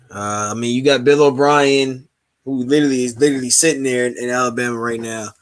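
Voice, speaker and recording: A man co-hosting a sports podcast, talking in a casual, animated, rambling way with many halting restarts. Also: mid-range voice. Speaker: podcast co-host.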